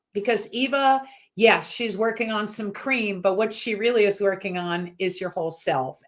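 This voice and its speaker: A woman hosting a relaxed interview, upbeat and giggly, firing off quick quiz questions. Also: fairly low pitch. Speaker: host. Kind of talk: casual interview chat.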